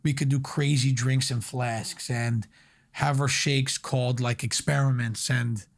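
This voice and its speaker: A man's voice: medium pitch, unhurried. A young man from Long Island, a restaurant owner, telling his story as a guest on a casual podcast, full of "like" fillers. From Long Island, New York. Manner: energetic storyteller, many fillers like "like".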